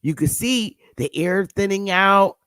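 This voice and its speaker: A woman's voice: mid-range voice, a little slow, a bit bright, smooth, no echo. A woman hosting her channel, giving blunt, sarcastic casual commentary on pictures and scolding her viewers. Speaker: channel host.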